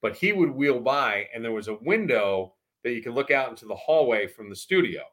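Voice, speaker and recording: Bright-voiced man telling radio stories. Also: medium pitch, brisk. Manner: animated storyteller who acts out voices. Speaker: former radio host, storyteller. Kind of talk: casual chat.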